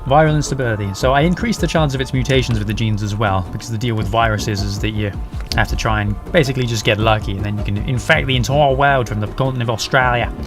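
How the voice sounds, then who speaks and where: A man's voice: lowish voice, fast talker, few pauses, over music. A young man casually commenting while he plays a game, rambling, swearing and poking fun at himself. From England. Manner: rambling, sweary, self-mocking. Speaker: gaming YouTuber. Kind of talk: casual let's play commentary. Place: home, English countryside.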